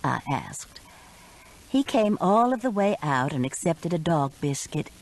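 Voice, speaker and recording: A woman's voice: low-pitched, sing-song, measured pace, poor audio. A woman narrating a first-person mystery audiobook with urgent expression.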